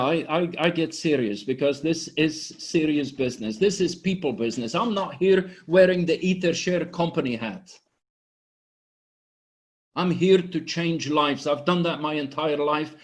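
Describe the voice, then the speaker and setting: A man giving an impassioned, blunt motivational pitch to an online group, swearing freely and sounding emotional. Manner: intense, blunt, swearing, preachy. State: emotional, sniffling. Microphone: online conference microphone.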